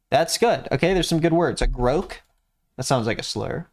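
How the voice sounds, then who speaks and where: A man hosting a livestream in casual chat, sarcastic and often jumping into high mock-excited tones. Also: moderate pace. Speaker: streamer hosting.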